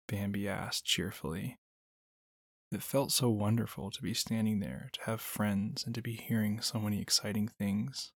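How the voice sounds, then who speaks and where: A man narrating a children's storybook at a steady, measured pace. His low voice is gravelly and husky, and the recording is dry and close with no room sound. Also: no echo. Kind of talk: storybook reading.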